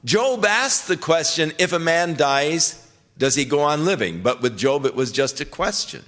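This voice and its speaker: An older male pastor teaching the Bible in a relaxed, conversational way, slipping scripture into plain everyday speech. His voice sits a little high for a man. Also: normal speed.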